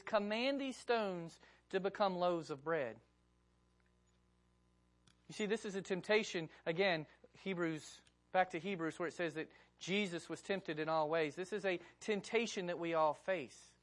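A woman preacher delivering a sermon, emphatic and repeating key phrases with rhetorical questions. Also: on the low side.

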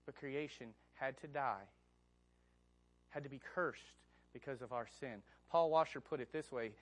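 With a mid-range voice at normal speed, a pastor delivers an animated, conversational sermon. He frequently asks the congregation questions.

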